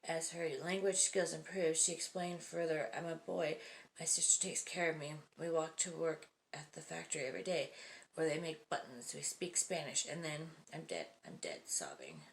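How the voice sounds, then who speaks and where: A woman with a low, gravelly voice reads short spooky stories aloud as the host of her video. She breaks off for casual comments, laughing often and dropping into hushed, whispered asides. A faint hiss sits under her voice. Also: moderate pace.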